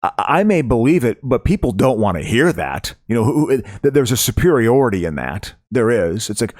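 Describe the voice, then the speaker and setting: A man co-hosting a podcast in casual chat, talking in an animated way with lots of restarts and "you know"s. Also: mid-range voice, normal speed, dry recording, clean studio sound. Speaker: podcast co-host.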